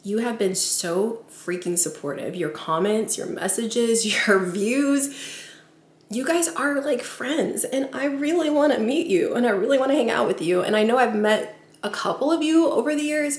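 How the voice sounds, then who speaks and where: A woman's voice: a little high, expressive, moderate pace, roomy sound. A woman vlogger chatting to her viewers in her kitchen, gushing and chatty, full of filler words. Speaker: vlogger, channel host. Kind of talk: casual chat to camera. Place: home kitchen.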